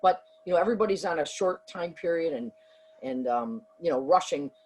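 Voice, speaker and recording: A woman's voice: lowish voice, animated, fairly quick, a little mellow, a little hiss or hum, poor audio. A middle-aged woman, a business owner, answering interview questions in an earnest, rambling way with many fillers and restarts. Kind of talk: conversational interview.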